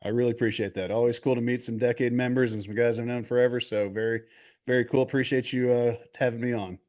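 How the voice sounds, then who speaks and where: Animated storytelling man, video call guest. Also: medium pitch, fast. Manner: animated, restarts and acts out quotes. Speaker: golf coach guest. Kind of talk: casual storytelling interview.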